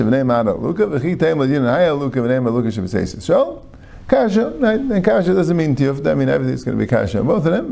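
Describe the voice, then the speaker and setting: Rabbi guy going over talmud, gravelly dark voice, keeps asking right?. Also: mid-range voice. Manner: thinking aloud, frequent "right?" checks, mixing Hebrew-Aramaic terms. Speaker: rabbi teaching Talmud review. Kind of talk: Talmud class lecture.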